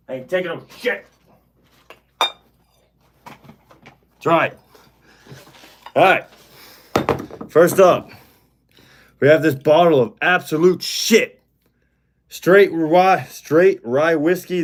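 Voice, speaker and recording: A man in his thirties hosting a casual live-stream chat, talking bluntly with plenty of swearing and excitable outbursts. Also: medium pitch. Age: 30s. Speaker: show host.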